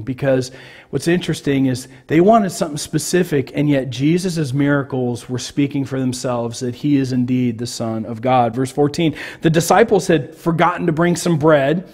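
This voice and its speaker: A man's voice: a little high, darkish tone. A man from California preaching a sermon as pastor, talking conversationally and asking the congregation questions.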